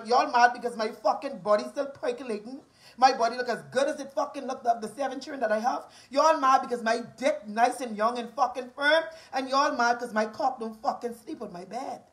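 A woman's voice: sits high, fairly bright tone, rough recording. A Bahamian woman in her forties delivering a profane, combative rant, repeating her taunts over and over. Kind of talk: angry rant to camera.

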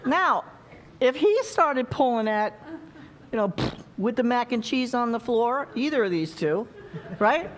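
A woman's voice: fairly high pitch, animated, unhurried. A woman preaching a sermon in a conversational way, often checking in with the congregation by asking questions.

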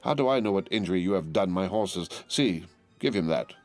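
A man's voice: deep voice, expressive, a little fast, soft background music. A man reading an audiobook, voicing a cold, haughty aristocratic marquis in a disdainful, imperious manner. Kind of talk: audiobook character voice.

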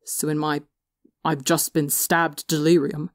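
A woman softly voicing a weary remorseful young man. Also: a little high, level tone, measured pace, no room sound, clean studio sound. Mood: subdued. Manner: quiet, subdued, sheepish.

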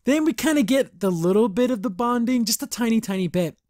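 A young man hosting a podcast, rambling excitedly through a casual episode review. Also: extremely high pitch, brisk, no room sound, studio quality. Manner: excitable, rambling fan talk. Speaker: podcast host.

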